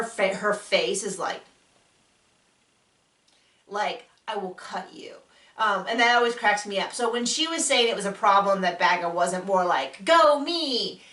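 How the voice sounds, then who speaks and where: A chatty woman from the US talks through a TV show in a lively, casual recap, her tone bright and clear. She leaps up in pitch whenever she acts out what someone said. The sound is roomy and a little distant from the mic. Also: normal speed. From United States. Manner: chatty, enthusiastic, acts out quotes with big pitch jumps. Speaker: podcast host reviewing a TV show. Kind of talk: casual spoken review. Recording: echoey room, voice a bit off-mic.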